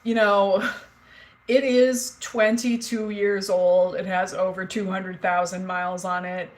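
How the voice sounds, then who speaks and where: Her voice is mid-range and level, her pace slow, and the recording rough. At home indoors, this woman in her forties runs a livestream, talking candidly with viewers and the live chat while rambling through stories full of fillers and an odd swear word.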